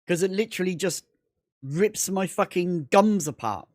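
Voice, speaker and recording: A man's voice: high voice, moderate pace, a little mellow, no room sound, clean studio sound. A man chatting casually on a gaming livestream, rambling, repeating himself and swearing constantly. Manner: rambling, repetitive, heavy swearing.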